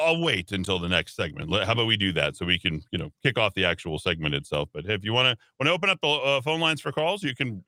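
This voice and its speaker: A man hosting a talk radio show, giving opinionated commentary in an animated, sarcastic, rambling way. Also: on the low side, no echo. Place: radio studio.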